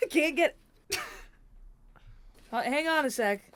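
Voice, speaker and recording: A young woman from New Jersey jokes her way through a casual chat. Her voice sits a little high, and she keeps poking fun at herself with playful asides. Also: expressive, slow, a bit bright, dry recording. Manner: joking, self-deprecating, playful asides. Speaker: podcast co-host.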